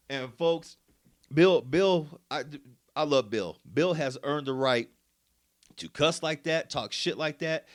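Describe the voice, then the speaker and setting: Man, podcast co-host, casual storytelling, loud and profane, shouty bursts. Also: mid-range voice.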